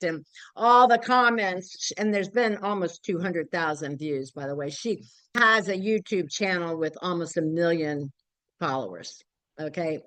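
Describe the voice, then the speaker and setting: A woman's voice: medium pitch, bright, forceful tone, no echo, rough recording. An older woman speaking at a community group meeting, candid and blunt, rambling with frequent fillers. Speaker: local activist group member.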